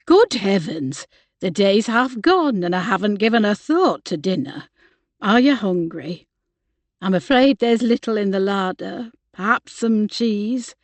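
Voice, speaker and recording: A woman's voice: mid-range voice, expressive, a little slow, dry recording, natural voice. A woman narrator voicing a fretful, motherly older cook-housekeeper who speaks in a homely, old-fashioned way. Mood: fussing.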